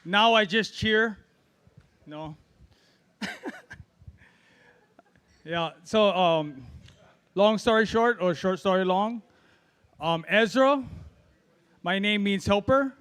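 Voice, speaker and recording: A man's voice: high voice, takes it slowly, pauses often, a bit bright, clean tone. A middle-aged man from Hawaii doing a loose, rambling open-mic stand-up set. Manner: rambling, self-deprecating, loose delivery with fillers. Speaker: amateur stand-up comic.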